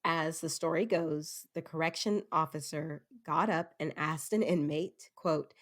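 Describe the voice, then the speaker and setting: A young woman with a slightly low voice hosts a spooky-story podcast. She chats casually and pokes fun at herself. She keeps breaking into giggles between facts. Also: measured pace, hardly any pauses. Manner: giggly and self-deprecating, laughs often mid-sentence. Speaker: podcast host.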